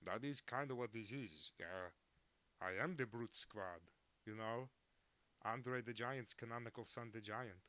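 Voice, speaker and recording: A man voicing a huge, slow-witted gentle giant henchman with a put-on French accent, drawling and heavy. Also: medium pitch. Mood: dopey. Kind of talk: impression during a drawing livestream.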